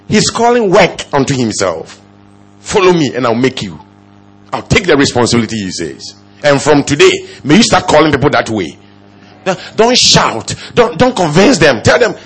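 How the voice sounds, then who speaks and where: A male pastor preaching a sermon, firing off rhetorical questions and swinging from low murmurs to loud exclamations. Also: big pitch swings, measured pace, pauses often, slightly rough.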